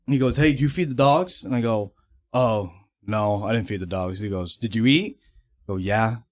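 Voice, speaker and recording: A man's voice: lowish voice, moderate pace, a little mellow, dry recording, clean studio sound. A young man, a podcast guest, telling casual stories, swearing freely and laughing as he talks. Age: young adult. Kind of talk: casual storytelling.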